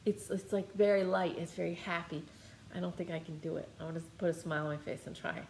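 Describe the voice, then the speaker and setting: Talking fast, a woman meditation teacher leads a conversational guided healing meditation with channeling, rambling and using many fillers and restarts. Her voice is on the low side, steady and a little mellow, and the reverberant recording carries a little hiss or hum.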